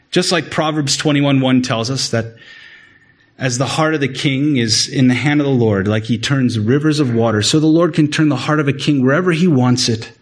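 A man preaching a sermon in an earnest way, often repeating words and rising in pitch to stress a point. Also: husky. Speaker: pastor.

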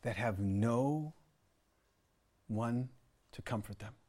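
A middle-aged man from the United States delivers a sermon in a storytelling way. His pitch sits in the ordinary middle range for a man. He talks earnestly and keeps restarting his phrases and repeating words. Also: slow pace, darkish tone. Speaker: pastor.

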